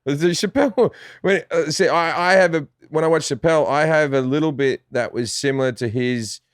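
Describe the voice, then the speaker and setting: A man's voice: a little high, a little fast, clear, resonant tone, no echo, clean studio sound. An Australian man guesting on a podcast, talking in a blunt, profane, rambling way with lots of restarts. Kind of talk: casual chat.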